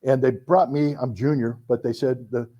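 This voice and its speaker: This middle-aged man from the United States gives a book talk, spinning lively anecdotes and voicing the people he quotes. He speaks at a moderate pace in a mid-range voice, and the audio sounds dull.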